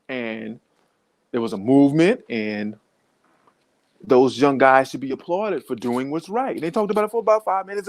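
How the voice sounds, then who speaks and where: A man hosting a podcast, giving a profane, heated, comedic rant. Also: medium pitch. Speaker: podcast host.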